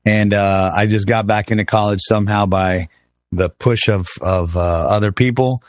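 A middle-aged man from Miami telling stories as a guest in a casual interview, talking in an animated way with lots of fillers and restarts. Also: on the low side, normal speed, no room sound. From Miami, Florida.

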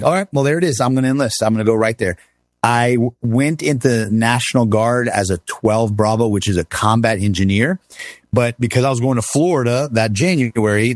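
In clean studio sound with no echo, a man in his fifties with a mid-range voice, once an army officer, relaxes into storytelling as a conversation guest. When quoting others he performs their voices, swinging his delivery widely.

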